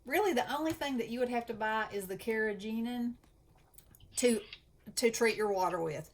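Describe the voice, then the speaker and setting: A woman's voice: on the high side, normal speed, a little hiss or hum. A woman with a Southern US accent chatting enthusiastically as host of a craft channel. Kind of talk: casual chat.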